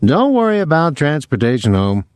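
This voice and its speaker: A man's voice: medium pitch, sing-song, moderate pace, darkish tone, no room sound, studio quality, pitched above the performer's own voice, lightly acted. A man doing a cold, mocking controlling man. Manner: mocking, curt.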